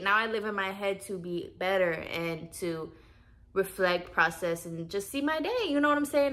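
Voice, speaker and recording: Young woman vlogger, bright tone, animated and candid, speaks to her audience directly. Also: lowish voice. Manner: animated, swears and laughs often, talks to viewers as y'all. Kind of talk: casual spiritual vlog talk.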